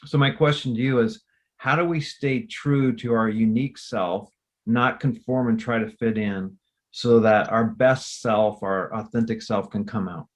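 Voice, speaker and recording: A man's voice: fairly low pitch, steady tone, unhurried. A man hosting an interview, easygoing and thinking aloud as he frames his questions. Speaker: podcast host, interviewer. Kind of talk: conversational interview.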